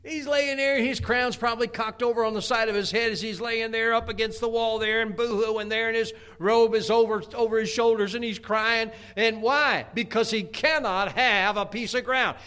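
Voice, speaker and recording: Animated, bright-voiced male preacher. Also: high voice, clear, resonant tone. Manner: animated storytelling preaching, acting out scripture characters. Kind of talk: sermon.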